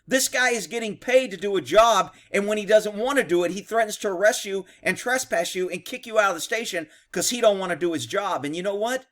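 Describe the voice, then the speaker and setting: A man's voice: sits high, a little fast, few pauses, fairly bright tone. A man, a former police officer, giving blunt, profane, indignant commentary on a video. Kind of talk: reaction commentary.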